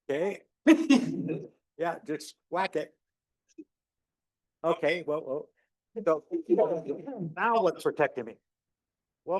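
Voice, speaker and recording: A middle-aged man lecturing university physics, telling stories with lively, acted-out dialogue. His voice sits a little high for a man. The sound is dry and close with no room echo, as if from a lapel mic. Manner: animated storyteller, acts out dialogue with rising pitch. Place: lecture hall.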